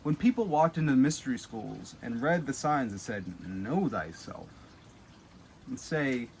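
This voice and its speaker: A man giving a casual spoken teaching, guiding the listener through an exercise and often dropping to a soft, low voice. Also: animated, moderate pace, vocal fry, slight background noise. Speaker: spiritual teacher.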